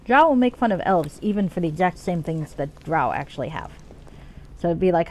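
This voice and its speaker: A woman's voice: fairly low pitch, big pitch swings, fairly quick, darkish tone, a little hiss or hum. A woman streaming a video game, chatting casually in rambling, profane tangents as she plays. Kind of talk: casual let's-play commentary.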